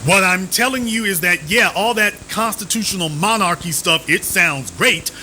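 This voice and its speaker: A man's voice: high-pitched, moderate pace, sharp tone, slight background noise, rough recording. A man hosting a live stream, giving emphatic commentary, with sarcastic, repeated rhetorical questions.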